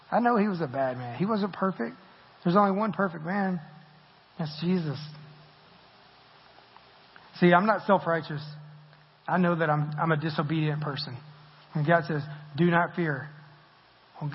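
Husky-voiced man preaching in a reverberant hall. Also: high voice, normal speed. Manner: conversational and self-deprecating, laughs often. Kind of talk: sermon. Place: church sanctuary. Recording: muffled audio with long hall reverb.

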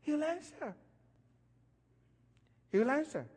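A man preaching a sermon, animated and emphatic, his voice rising and falling as he stresses his points. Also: very high voice, slow, in a large hall.

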